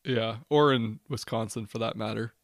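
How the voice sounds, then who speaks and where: A man's voice: on the low side, fairly even intonation, moderate pace, no room sound, studio quality. A male podcast co-host who chats casually, asks questions and cracks quips, and who also reads the show's promos.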